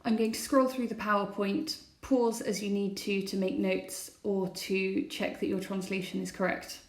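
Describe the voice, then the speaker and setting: A woman's voice: mid-range voice, little pitch movement, moderate pace, roomy sound. A woman teacher explaining a set text over slides in a recorded lesson, asking her students questions as she goes. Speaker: classics teacher.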